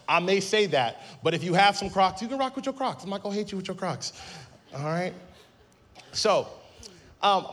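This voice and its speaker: Animated storytelling male pastor. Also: on the high side. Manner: lively storytelling with acted-out quotes and humor. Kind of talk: sermon.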